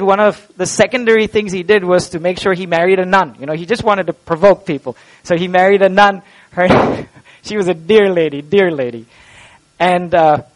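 A man preaching an Easter sermon in a church and leading a closing prayer, impassioned and swinging from loud to hushed. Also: sits high, rough recording. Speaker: pastor. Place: church sanctuary.

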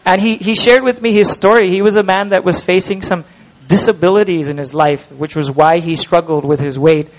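High-voiced preacher. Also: male voice, fairly even intonation, rough recording. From India. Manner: emphatic, slows down to stress key words, asks rhetorical questions. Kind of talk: expository sermon.

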